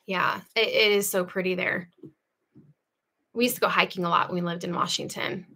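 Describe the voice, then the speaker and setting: Woman livestream host, bright voice, casual chat, laughs easily. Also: on the low side, moderate pace, creaky. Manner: chatty, laughs often, lively asides. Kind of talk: casual livestream chat, reading viewer comments. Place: home.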